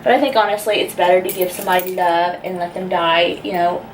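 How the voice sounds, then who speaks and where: A woman's voice: on the low side, steady tone, quick pace, a little hiss or hum, low-quality recording. A young woman tells a personal story in a vlog. She rambles and fills her talk with "like" and "um". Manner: chatty and rambling, lots of "like" and "um". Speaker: vlogger.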